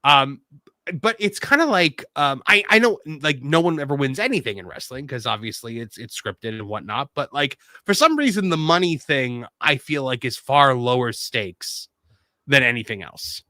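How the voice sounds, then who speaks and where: A man's voice: mid-range voice, big pitch swings, moderate pace, pushed and bright, no room sound, studio quality. A man co-hosting a wrestling chat, rambling in casual talk and filling his speech with "like". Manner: rambling, heavy on "like".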